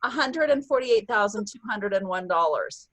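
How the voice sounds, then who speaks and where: A woman's voice: medium pitch, animated, normal speed, fairly bright tone, no echo, rough recording. A woman leading a virtual sales-team meeting over a video call, bubbly and upbeat, cheering often. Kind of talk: upbeat online meeting announcements.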